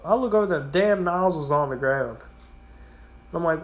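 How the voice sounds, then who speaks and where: A gas station worker with a fairly high voice talks quickly in a casual storytelling vlog. He rambles through work stories, swears freely, and acts out his customers.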